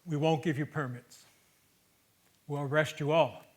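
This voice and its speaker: A man voicing a stern male government official who makes quiet, cold threats, performed on a theater stage. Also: on the high side, steady tone, measured pace, close to an everyday voice. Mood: threatening.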